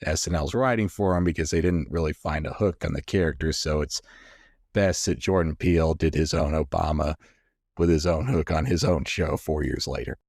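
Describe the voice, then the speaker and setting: Low-voiced man chatting on a podcast. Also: normal speed, darkish tone, no echo, clean studio sound. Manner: thoughtful, rambling, many fillers. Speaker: podcast co-host. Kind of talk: casual chat.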